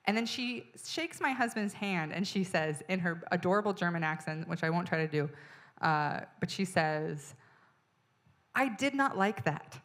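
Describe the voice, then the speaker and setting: Woman stand-up comic with a lowish voice, animated storyteller, exasperated, acts out the people she talks about. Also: normal speed. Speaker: stand-up comedian. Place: stage in front of an audience.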